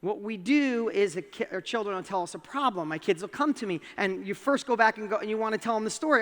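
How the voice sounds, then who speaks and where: This man's voice is high and expressive, fairly bright, moving a little fast with few pauses. As a motivational speaker on a big hall's stage, he animates his stories and questions the audience head-on, all under lengthy reverb.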